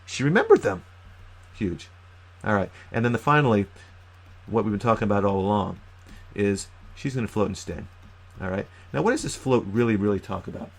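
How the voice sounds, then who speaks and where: A man giving an animated, emphatic youth ministry training talk, with sudden loud bursts. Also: fairly low pitch, fairly quick, creaky. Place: lives in New York.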